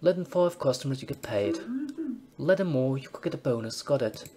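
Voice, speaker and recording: A man's voice: mid-range voice, animated, fairly quick, warm tone, natural voice. A man voicing a chatty male British pub landlord in a game, breezy and matter-of-fact in a put-on British accent. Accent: attempted British.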